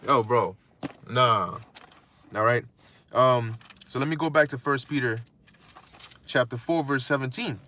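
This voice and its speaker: A man preaching a casual street-style sermon, animated and slangy, sometimes mocking other people's words. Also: measured pace, pauses often, slight background noise. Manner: animated, slangy, acts out insults in a squeaky mocking voice.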